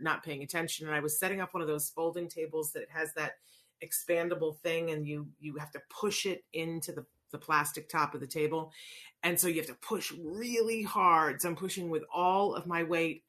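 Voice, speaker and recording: A woman's voice: sits low, pushed and bright. A middle-aged woman hosting a casual livestream, talking in a chatty, rambling way that keeps interrupting itself. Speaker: livestream host.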